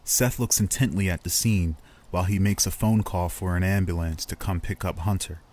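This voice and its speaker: A man serving as game master, narrating a tabletop role-playing story in a steady storytelling manner. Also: sits low, moderate pace. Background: background music.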